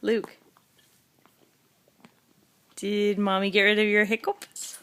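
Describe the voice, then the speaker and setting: A young mother at home chats with her small child in a home video. She coaxes him gently and repeats simple questions, keeping her speech easy for a toddler to follow. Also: mid-range voice, little pitch movement, slow pace, clear, resonant tone. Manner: coaxing, asks simple questions over and over.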